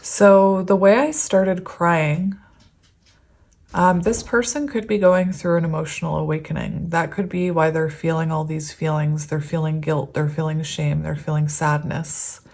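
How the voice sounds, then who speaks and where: A woman's voice: low voice, fairly even intonation, measured pace, darkish tone. A woman in her thirties doing a casual tarot reading to camera, rambling and affectionate with frequent giggles, her voice teary as if on the verge of crying. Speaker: tarot reader.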